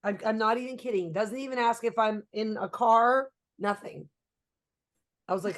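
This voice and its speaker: A woman co-hosting a casual podcast chat, telling family stories with a quick, dry humor. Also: a little high. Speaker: podcast co-host.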